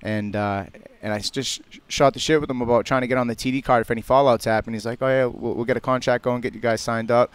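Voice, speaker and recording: Quick, smooth-voiced fighter. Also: male voice, mid-range voice, steady tone, no echo. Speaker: guest fighter. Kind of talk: casual radio chat.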